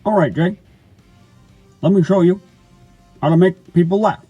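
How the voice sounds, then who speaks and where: A man puts on a former president who lectures in a stately, high-set voice. He speaks slowly in halting, clipped phrases. The sound is dry and close, with faint music behind. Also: mellow, slightly rough, dry recording, dull audio. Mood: amused. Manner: slow, halting delivery broken into short phrases. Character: impression of a former male president, measured, lofty. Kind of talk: comedy sketch phone call.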